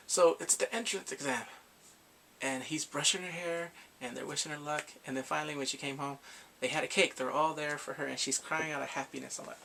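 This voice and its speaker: Male vlogger, slightly higher voice, bright and forceful, lively storyteller, faint room hum. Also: a little fast, creaky. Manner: animated storyteller, acts out reactions with gasps and laughs. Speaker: K-drama reviewer. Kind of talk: casual recap vlog.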